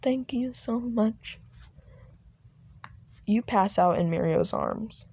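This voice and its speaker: A young woman narrating a fan audio drama slowly, halting and restarting. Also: on the high side, mellow, breathy edge.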